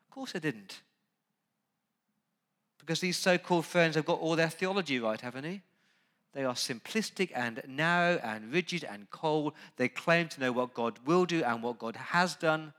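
A man preaching a sermon. He talks straight to the congregation and moves from quiet, conversational asides to loud, urgent emphasis. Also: on the high side, normal speed. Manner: conversational, asks the congregation direct questions. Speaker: pastor.

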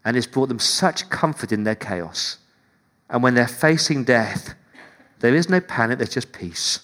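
A man preaching a sermon to his church, driving points home with rhetorical repetition and swinging between loud declarations and hushed, intimate passages. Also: mid-range voice, expressive, measured pace.

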